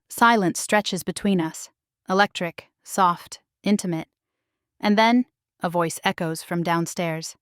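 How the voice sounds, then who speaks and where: A woman reads a first-person romance story at a slow, deliberate pace. Her voice sits at a middle pitch and sounds dry and close, with no room echo. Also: clean tone. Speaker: audiobook narrator.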